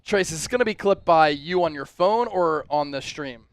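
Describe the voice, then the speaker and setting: A man hosting a live sports stream, excitedly calling the game and reading out viewer donations between fan chants. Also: a little high, moderate pace, no room sound. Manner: chanting and shouting fan cheers.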